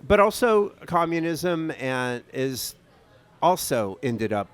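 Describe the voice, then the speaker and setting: A man's voice: on the high side, very animated, fairly bright tone, smooth. Rambling male podcast co-host. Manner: rambling, halting, many fillers and restarts. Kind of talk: casual chat over beers.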